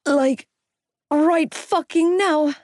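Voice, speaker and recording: A woman's voice: sits high, extremely slow, darkish tone, no room sound, clean studio sound, voice pushed up. A woman voicing a panicky young man who wails and whines at everything, in an audiobook. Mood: panicked, whining. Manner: wailing, whiny and exasperated. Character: panicky young Irish man, driving, whining.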